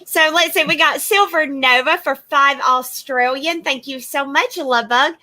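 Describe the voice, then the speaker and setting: A woman's voice: high voice, a little slow, pushed and bright. A woman co-hosting a livestream podcast, chatting bluntly and jokingly in slangy everyday speech. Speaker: podcast co-host. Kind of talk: casual livestream chat.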